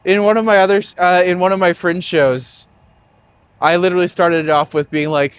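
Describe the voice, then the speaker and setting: Man from Canada, tour guide, joking walk-and-talk, fairly high voice, faint street noise. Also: fairly even intonation, brisk. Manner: joking and chatty, laughs often. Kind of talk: casual chat while walking. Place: outdoors on a city street, walking uphill.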